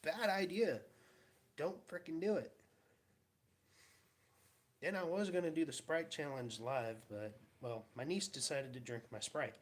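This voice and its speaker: With long pauses and an unhurried pace, the young man talks in a medium-pitched voice. A vlogger in his home garage, he tells rambling, laughing stories casually and acts out the quotes.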